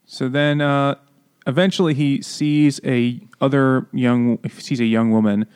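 A man co-hosting a casual book podcast, animated and joking. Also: medium pitch, unhurried, smooth. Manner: animated, mocks villain voices. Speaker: podcast co-host. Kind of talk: casual chat.

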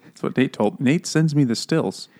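A man's voice: mid-range voice, moderate pace, a little mellow. A man co-hosting a casual comedic book chat, cracking jokes and laughing often. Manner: jokey, wisecracking, laughs often. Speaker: podcast co-host.

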